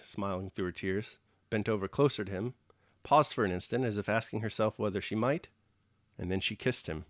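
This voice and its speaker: A man reading a classic novel aloud in a steady, unhurried audiobook narration. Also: on the low side, no room sound, studio quality. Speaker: reader.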